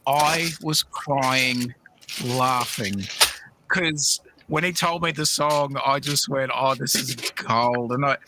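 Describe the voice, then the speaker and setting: A man's voice: mid-range voice, fairly even intonation, takes it slowly, background noise. A middle-aged man hosting a livestream, telling a rambling, laughing story with many restarts. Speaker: livestream host. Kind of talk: casual storytelling chat.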